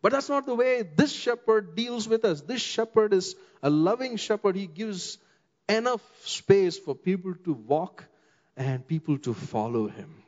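Indian man preaching in a reverberant hall. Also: high voice. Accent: Indian English. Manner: expressive, slows down for emphasis, acts out quoted voices. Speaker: pastor. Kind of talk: sermon. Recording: long hall reverb, dull muffled sound.

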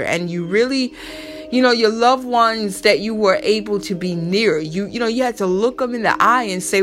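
A woman's voice: medium pitch, a bit bright. Chatty, emphatic woman giving a pep talk. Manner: chatty, emphatic, preachy with repeated exhortations. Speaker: motivational host. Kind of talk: casual motivational talk.

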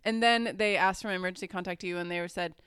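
A woman's voice: lowish voice, steady tone, racing, fairly bright tone, clean tone, dry recording, clean studio sound. A young woman co-hosting a podcast, chatting casually, reacting to her co-host and laughing often. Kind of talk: casual chat.

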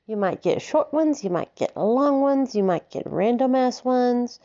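A woman in her thirties from Alabama speaks with a soft Southern twang in a rambling, chatty podcast monologue. She giggles easily, swears casually and pokes fun at herself. The recording sounds a little dull and lo-fi. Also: on the high side, animated, measured pace. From Alabama, United States. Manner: giggly, swears freely, self-mocking. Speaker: podcast host.

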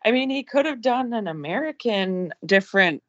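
A woman's voice: medium pitch, expressive, moderate pace, fairly bright tone, muffled recording. A woman co-hosting a casual podcast, talking through a TV episode, sounding incredulous and swearing. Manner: incredulous, quotes characters, swears. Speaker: podcast co-host. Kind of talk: casual chat reviewing a TV episode.

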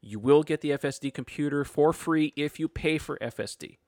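A man's voice: fairly high pitch, fairly quick, darkish tone, no echo, studio quality. A man hosting a casual podcast, reading listener questions aloud and answering them in a chatty way. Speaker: podcast host.

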